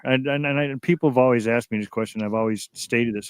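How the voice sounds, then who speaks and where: A man's voice: mid-range voice, quick pace, clear, resonant tone, no room sound. A man with a mid-range voice talks in a casual, emphatic way and often repeats words to stress his point. The recording is close and dry. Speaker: guest. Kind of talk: casual talk on a radio show.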